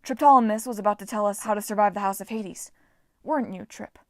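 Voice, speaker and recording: Woman voicing a quiet, troubled young man. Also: mid-range voice, fast, no room sound, clean studio sound, natural voice. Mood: insistent. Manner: quiet, subdued.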